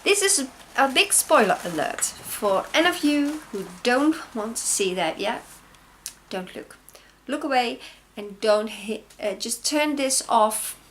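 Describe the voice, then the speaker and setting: A woman in her thirties with a Dutch accent, hosting a casual knitting video podcast from home, gushing and gasping with excitement over yarn. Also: fairly high pitch, a little hiss or hum.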